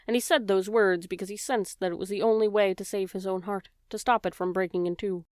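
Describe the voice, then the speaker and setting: A woman's voice: mid-range voice, fairly even intonation, a little fast, a little mellow, no echo, clean studio sound. A woman narrating a children's audiobook, telling the story and speaking directly to the reader.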